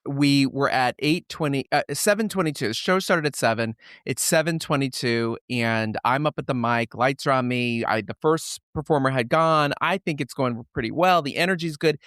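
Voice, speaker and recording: Animated host acting out anecdotes. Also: mid-range voice, no room sound, studio quality. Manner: animated anecdotes, acts out quoted voices, swears casually. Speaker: host, theatre director. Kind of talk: casual interview chat.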